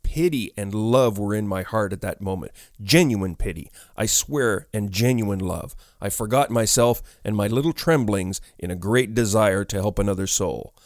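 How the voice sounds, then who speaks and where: A male narrator tells a classic ghost story in a measured, expressive voice. His pitch sits low, and the recording is dry and close-miked. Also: no room sound.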